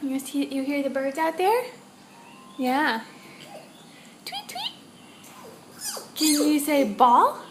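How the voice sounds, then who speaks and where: A young woman at home, a mother coaxing her toddler to talk in slow, sing-song baby talk with soft laughs. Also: sits high, animated, slight background noise.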